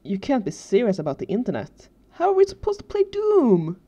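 A woman reading aloud, voicing a whiny teenage boy tech geek in a high squeaky voice. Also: lively intonation, moderate pace, dark tone, muffled recording. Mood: outraged.

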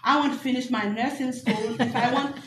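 Animated woman pastor telling her testimony. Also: a little high, fairly quick, reverberant, a little hiss or hum, rough recording. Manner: animated storytelling, acting out dialogue. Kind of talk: spoken testimony at a graduation service.

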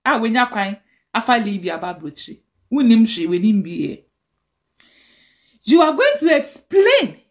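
A Ghanaian woman with a Ghanaian accent, ranting angrily and scolding in a direct-to-camera video. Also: fairly high pitch. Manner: angry, scolding rant mixing languages.

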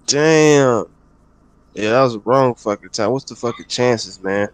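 A man's voice: medium pitch, measured pace, no echo. A man chatting casually while playing a game with a friend, laid-back, swearing constantly and laughing often. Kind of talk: casual profane gaming chat.

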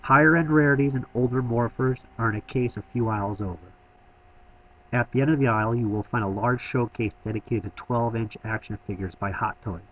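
A man narrates a toy shop review in a middle-pitched voice, enthusiastic and touched with dry humor. The recording sounds slightly dull and lo-fi. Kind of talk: scripted voice-over narration.

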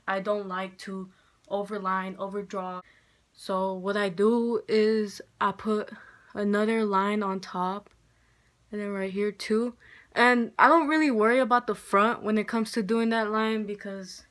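A young woman vlogging a casual makeup chit-chat at home, frank and foul-mouthed, a little hoarse from being sick. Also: medium pitch, a bit bright. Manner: chatty, frank, swears a lot. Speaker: beauty vlogger. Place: room at home with poor lighting. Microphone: handheld mirror in one hand, camera fixed.

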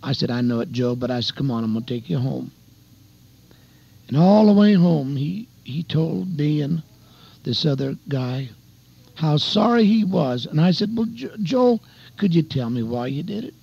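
Over a muffled, lo-fi radio feed, an aging preacher tells a testimony story in a homespun sermon, calling his audience beloved and dear friends. He speaks at a moderate pace in a fairly high, expressive voice that's creaky and husky.

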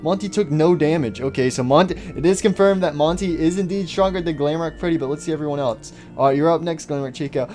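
A man's voice: on the high side, fast talker, hardly any pauses, a little mellow, faint music behind. A man hosting a game video with goofy, stammering casual commentary. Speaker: gaming host.

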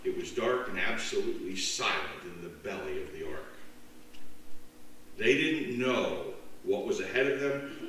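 A man preaching a sermon as pastor, with a slow, dramatic delivery. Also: on the low side, a little hiss or hum. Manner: slow, dramatic delivery with lively voiced jokes. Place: church sanctuary. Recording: echoey church from far off.

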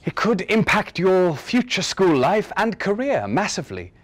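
A calm, formal schoolteacher who chooses his words carefully, acted by a man reading a short story. His voice moves through a wide pitch range. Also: normal speed. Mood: earnest. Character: measured male schoolteacher, patient and formal.

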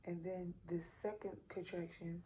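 In a hospital room with light background noise, a Black woman in her thirties who runs a family vlog speaks in AAVE with a low, dark voice at a moderate pace on a rough recording. Exhausted and sore after giving birth, she still tells her story animatedly, acting out quotes and calling her viewers "y'all."

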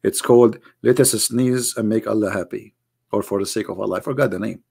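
A man's voice: fairly low pitch, brisk, gravelly, dark tone, breathy edge. A man with an Arabic accent, a native Arabic speaker, giving a sarcastic monologue as an online critic. He mocks his subject and keeps asking the viewers rhetorical questions. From Arab world. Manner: mocking, rhetorical, speaks straight to the audience.

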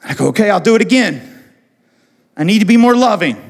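A male pastor preaching a sermon with passion, repeating phrases, swinging from hushed tones to loud. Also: high-pitched, animated, fairly quick, breathy edge. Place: church hall. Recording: church hall with long reverb, soft music.

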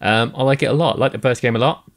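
A man's voice: medium pitch, racing. A man with an English accent co-hosting a podcast in casual chat, joking, laughing often and repeating himself. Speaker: podcast co-host.

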